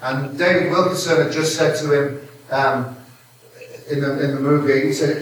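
A man's voice: mid-range voice, fairly even intonation, moderate pace, slight background noise. An older man from Merseyside preaching a sermon, telling family stories with humour, chuckling often and restarting his sentences. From Merseyside, England. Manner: humorous, chuckling often, stop-start restarts. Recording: echoey hall, from far off.

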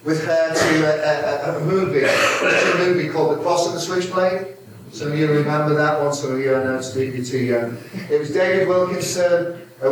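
An older man from Merseyside tells family stories in a sermon, breaking into chuckles and restarting his sentences. His voice sits fairly high and reaches the mic from some way off. A booming hall echo and faint background noise hang around every word. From Merseyside, England. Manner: humorous, chuckling often, stop-start restarts. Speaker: preacher. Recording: echoey hall, from far off.

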